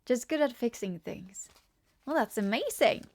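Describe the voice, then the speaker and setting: A woman's voice: a little high, lively intonation, a little slow, darkish tone. A chatty woman from Norway with a Norwegian accent, giving a casual live-stream tarot reading and often laughing while she answers chat comments. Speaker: tarot reader.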